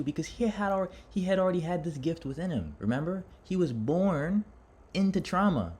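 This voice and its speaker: Dramatic man with a lively, swinging pitch. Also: moderate pace, slightly rough. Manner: dramatic, addresses listeners directly; rambling with restarts. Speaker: vlogger on self-improvement. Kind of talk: impassioned personal monologue.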